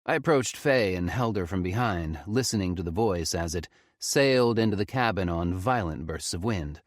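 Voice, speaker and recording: A man reading a horror story aloud with expressive, tense storytelling. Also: low voice, moderate pace, dry recording, studio quality. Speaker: audiobook narrator. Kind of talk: scripted horror narration.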